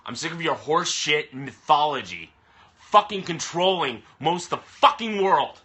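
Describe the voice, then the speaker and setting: A man vents into his camera in a live-stream rant, heavy with swearing and frustration. His voice sits a little high and sounds very bright and sharp. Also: lively intonation, a little slow. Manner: profane, frustrated, ranting. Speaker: vlogger. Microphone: camera mic. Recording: phone or webcam live stream.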